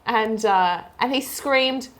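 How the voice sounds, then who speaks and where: A young woman, co-hosting a casual podcast chat over a meal and telling a story in a quick, amused way. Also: fairly high pitch. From Australia. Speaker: podcast co-host.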